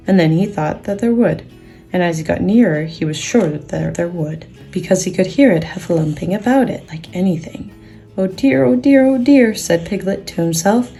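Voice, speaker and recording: A woman gently and expressively reading a children's book aloud, with soft guitar music behind. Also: lowish voice, vocal fry. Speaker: storyteller and sculptor.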